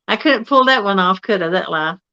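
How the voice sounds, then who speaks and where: A woman's voice: medium pitch, lively intonation, moderate pace, sharp tone, smooth, muffled recording. A woman chatting frankly on a livestream, laughing a lot. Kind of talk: casual livestream chat.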